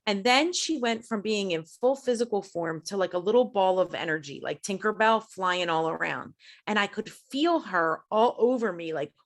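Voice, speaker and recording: A middle-aged woman, a podcast guest, telling a personal story in a high-strung, animated way, jumping in pitch when she quotes herself. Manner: animated, acts out quoted voices with big pitch jumps; high-strung, fast-talking. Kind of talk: storytelling in an interview.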